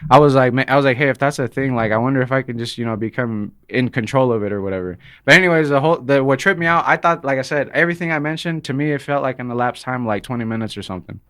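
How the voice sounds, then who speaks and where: A man telling a long story in casual podcast chat, animated and acting out the people he quotes. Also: medium pitch, quick pace, hardly any pauses. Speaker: podcast guest, rapper.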